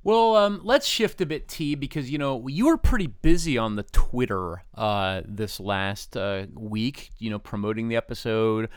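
Smooth-voiced male podcast host. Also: mid-range voice, unhurried, hardly any pauses, dry recording, studio quality. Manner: rambling, many fillers and restarts. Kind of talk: casual podcast chat.

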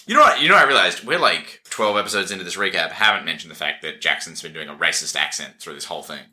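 A man chatting with his gaming group, throwing in dry quips. His voice sits low but swings lively in pitch, with a very bright edge to it. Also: fast. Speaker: player. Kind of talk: casual chat among gamers.

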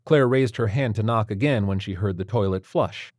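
Male audiobook narrator, low and steady, dry studio sound. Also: moderate pace, no echo.

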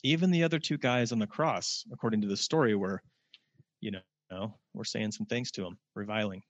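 A man teaching a casual scripture lesson, reading verses slowly and adding plain-spoken asides. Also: on the low side, dry recording. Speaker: religious teacher. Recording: dull lo-fi, dry sound.

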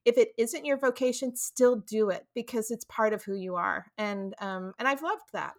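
A middle-aged woman with a slightly raised pitch tells stories as a podcast guest. She chats freely and acts out the lines she once said. Her voice is conversational and lively. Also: moderate pace. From Texas, USA. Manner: chatty storyteller acting out her own quoted lines. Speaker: guest author. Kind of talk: podcast interview, storytelling.

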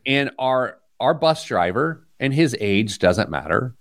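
Lively man hosting a money podcast. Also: medium pitch, slow pace, gravelly. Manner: animated storytelling, mimics voices with laughter. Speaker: podcast host. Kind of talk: casual chat.

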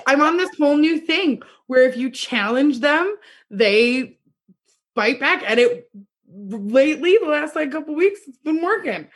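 A woman's voice: high voice, animated, a little slow. A young woman co-hosting a podcast, animatedly retelling a dating story with acted quotes and laughter. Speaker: podcast co-host. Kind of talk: casual chat, storytelling.

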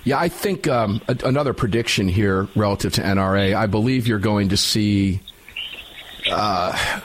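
A man's voice: on the low side, breathy edge. A man hosting a talk radio show, chatting in a rambling, agreeable way with a guest.

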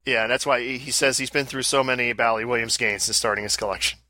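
Bright-voiced man rambling on a podcast. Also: medium pitch, steady tone, fast talker. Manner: rambling, restarts phrases while explaining. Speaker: podcast co-host. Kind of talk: casual chat.

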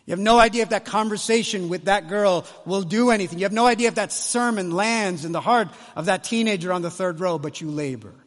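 Man preaching at a conference, highish voice, goes quiet then loud, big hall echo. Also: fairly quick, few pauses. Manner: impassioned, swings from hushed to loud. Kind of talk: conference sermon. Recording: long hall reverb.

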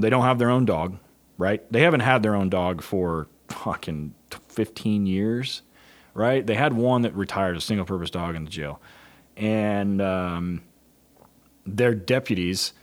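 A middle-aged man with a somewhat low voice talks in loose, casual chat. He is blunt and profane, and he tells stories with animated energy. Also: measured pace. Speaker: police dog handler trainer.

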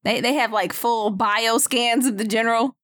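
Woman player thinking out loud, lots of ums and restarts. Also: a little high, steady tone, normal speed. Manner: hesitant, many fillers and restarts. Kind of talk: casual tabletop play.

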